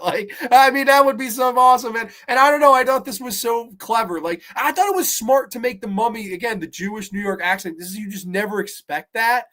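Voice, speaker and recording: A man casually reviewing horror TV on his podcast, his voice sitting fairly high for a man. He rambles through plot recaps, swearing freely and restarting his sentences with plenty of fillers. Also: fairly quick, few pauses. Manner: animated, profane, rambling, many fillers and restarts. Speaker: podcast host.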